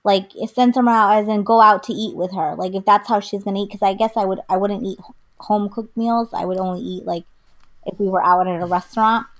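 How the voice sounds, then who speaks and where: A woman's voice: medium pitch, fairly quick. A woman co-hosting a podcast in casual chat, telling stories with lots of fillers and acting out the quotes. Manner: animated storytelling, acts out quotes, many fillers. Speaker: podcast co-host.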